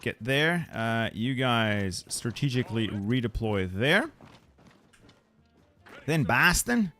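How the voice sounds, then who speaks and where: A man talks through a strategy game in a loose, conversational way, often answering his viewers and repeating words under his breath. His pitch swings up and down a lot, with quiet music playing underneath. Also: sing-song, slow pace. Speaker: gaming channel host. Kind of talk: casual strategy game commentary.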